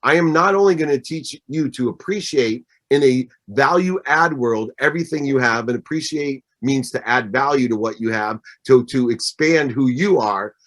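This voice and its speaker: A man's voice: mid-range voice, normal speed, few pauses, fairly bright tone. A man in his fifties giving a motivational talk as guest speaker, emphatic and repeating his points in threes. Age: 50s. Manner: emphatic, repeats phrases in triplets. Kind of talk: motivational speech.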